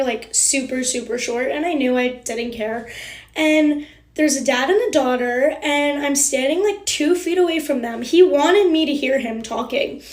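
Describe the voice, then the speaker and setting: A young woman telling a brash, defiant storytime into her phone. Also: high-pitched. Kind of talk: casual storytime. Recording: echoey room.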